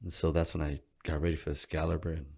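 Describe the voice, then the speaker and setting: A gym co-owner talking loosely in a casual interview, slangy and full of swearing, and often breaking into laughs. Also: male voice, rumbling low, flat delivery, fast talker, gravelly, a little mellow, breathy edge.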